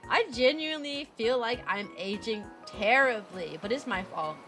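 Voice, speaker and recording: A young woman chatting casually on a livestream, bubbly and animated, laughing often as she reads viewer messages aloud. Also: a little high, unhurried, soft background music. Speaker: VTuber streamer and kindergarten teacher.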